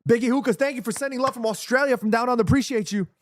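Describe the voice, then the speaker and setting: A man's voice: very high voice, racing, a little hiss or hum. A man streaming a football watchalong, thanking viewers by name and rallying the chat, swinging between hype and nervous murmurs. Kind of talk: live match watchalong, reading chat aloud.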